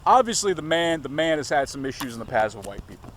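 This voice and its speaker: A man's voice: on the high side, big pitch swings, fast, fairly bright tone. A man vlogging on a city street. He talks casually, curses constantly, rambles and keeps digressing. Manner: profane, rambling, digresses often. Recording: faint street noise outdoors.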